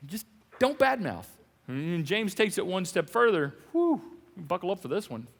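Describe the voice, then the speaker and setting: A man preaching a sermon as pastor, animated and jokey, with sudden loud emphasis. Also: sits high, normal speed, vocal fry, in a large hall. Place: large church hall.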